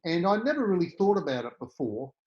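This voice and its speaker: A middle-aged Australian man, a podcast guest, telling personal stories in an animated way and acting out the voices he quotes. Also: high voice, brisk, highs cut off. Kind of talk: storytelling interview.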